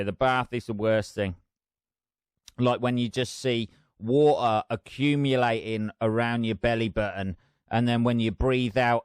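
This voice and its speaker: A man's voice: medium pitch, clean tone, dry recording, clean studio sound. A middle-aged man hosting his own podcast, chatting in a rambling, sweary, self-mocking way. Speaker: podcast host. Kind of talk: casual solo podcast chat.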